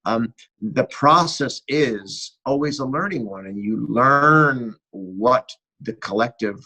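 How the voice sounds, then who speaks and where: A middle-aged American man, a guest cinematographer, tells animated behind-the-scenes stories in a casual interview and acts out bits of dialogue. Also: mid-range voice, slow pace, low-quality recording. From United States. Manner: animated anecdotal storyteller who acts out dialogue.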